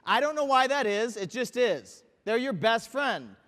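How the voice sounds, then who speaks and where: Male sales trainer with a very high voice, emphatic, quizzing the audience, reverberant hall. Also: big pitch swings, unhurried, fairly bright tone. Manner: emphatic, asks the audience questions. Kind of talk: motivational training talk.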